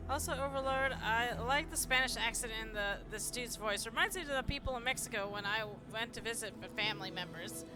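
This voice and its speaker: Chatty higher-pitched woman streaming. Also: fairly quick, few pauses. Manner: chatty, thanks viewers, stumbles reading aloud. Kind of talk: live game streaming chat. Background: game music.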